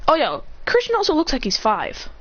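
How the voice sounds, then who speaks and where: A woman improvising a fan-fiction story with rambling, profane narration, breaking into high shouted character cries. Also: huge pitch swings, a little fast. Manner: rambling, profane, frequent self-corrections. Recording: dull lo-fi sound with faint background hiss.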